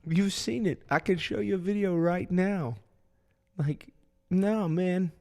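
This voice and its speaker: A man with a gravelly, creaky edge to his voice rambles through a casual podcast chat, piling up fillers as he goes. His voice rings with a long reverb, as if the room is large and echoey. He keeps things animated and loose. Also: sits high, slow pace. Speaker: podcast co-host.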